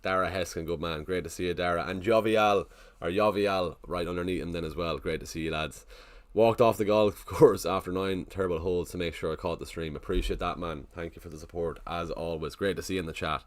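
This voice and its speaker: A man's voice: deep voice, fairly even intonation, fast talker, hardly any pauses. A man casually chatting on a live stream, thinking aloud and greeting viewers in the chat. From Ireland.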